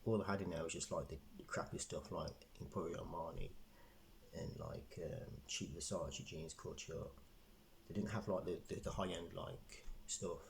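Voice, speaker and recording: A man's voice: low voice, moderate pace, creaky, a little hiss or hum, low-quality recording. A man telling a rambling storytime vlog, repeating himself with lots of fillers. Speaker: vlogger.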